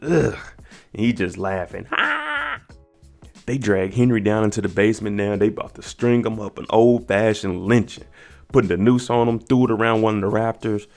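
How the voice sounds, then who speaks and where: A man's voice: lowish voice, fairly even intonation, fairly quick, a little mellow, soft background music. A man giving a casual, slangy recap of a TV episode and reacting to each scene as he goes. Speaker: TV recap vlogger.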